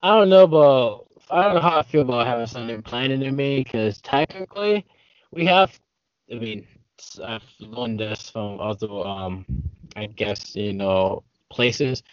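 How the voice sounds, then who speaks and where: A man's voice: mid-range voice, unhurried, dry recording, muffled recording. A man chatting as a podcast guest over an internet call, rambling and packed with fillers. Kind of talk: casual chat over a call.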